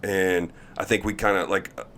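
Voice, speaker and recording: Male athlete guest, low voice, animated storyteller in casual chat, acts out quotes. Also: moderate pace. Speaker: guest, MLB pitcher.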